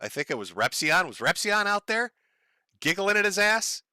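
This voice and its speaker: A man's voice: sits high, sing-song, moderate pace, bright, forceful tone, smooth, no room sound. A man from the United States hosting a casual livestream, talking in a profane, sardonic way and chuckling often. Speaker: livestream host.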